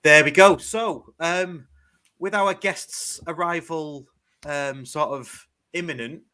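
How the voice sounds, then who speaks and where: English male co-host, bright, slightly raised voice, chatty with hesitant fillers. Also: a little high, slow, clear, resonant tone. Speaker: podcast co-host. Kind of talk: casual football chat.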